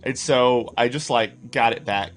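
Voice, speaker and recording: A man's voice: medium pitch, a little slow. A man casually commenting on clips during a live stream, reading out chat names and laughing often. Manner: chatty, laughs often, greets chat by name.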